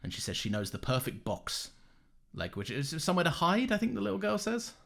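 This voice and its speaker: Man, casual podcast chat, very animated pitch, quick to laugh. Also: vocal fry. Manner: laughs often, animated and teasing. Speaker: podcast co-host.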